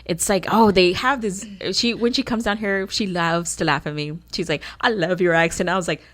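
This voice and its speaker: A woman's voice: medium pitch, moderate pace, fairly bright tone. A woman in her thirties, co-hosting a radio podcast in casual chat, rambling with lots of fillers and restarts. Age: 30s. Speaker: podcast co-host.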